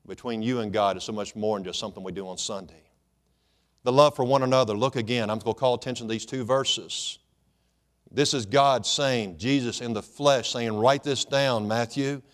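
A man preaching a sermon in a folksy, joking way, calling for amens. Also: medium pitch. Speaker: pastor.

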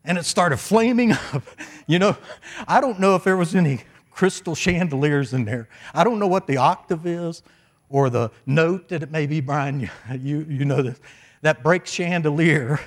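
A man's voice: on the high side, moderate pace. An older man preaching, telling a personal story in a folksy, chatty way with asides, into a microphone. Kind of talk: sermon storytelling. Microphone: stage microphone.

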